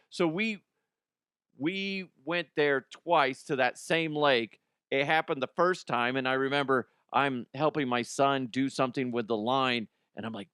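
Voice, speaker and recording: A male comedy podcast host hosts a comedy show, ranting casually and exasperatedly while swearing freely. His mid-range voice runs at normal speed with a fairly bright, clear, resonant tone, in a dry recording with clean studio sound.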